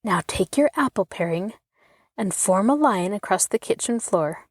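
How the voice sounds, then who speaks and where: A woman voicing a bossy young girl who leads a party game, speaking in a commanding, brisk way. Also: mid-range voice, expressive, dry recording, clean studio sound, natural voice.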